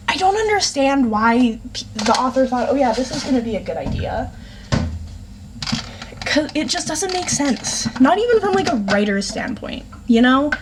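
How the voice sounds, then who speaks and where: A woman's voice: high voice, slight background noise. Exasperated woman ranting about a book. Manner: exasperated, swearing, sarcastic ranting. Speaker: book reviewer. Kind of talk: casual ranting book review.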